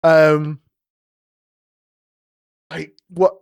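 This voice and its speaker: A young man, casting a live esports match solo, racing through rapid play-by-play that builds to shouting at big fights, with chatty asides to his stream chat. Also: on the high side, little pitch movement, gravelly, smooth, no room sound, highs cut off. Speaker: esports caster. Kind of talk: solo live game commentary.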